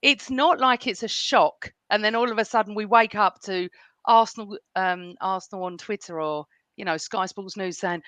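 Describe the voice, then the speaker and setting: Bright-voiced chatty woman host. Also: medium pitch, moderate pace, no echo. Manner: chatty, often names her guests. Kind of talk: casual football fan chat.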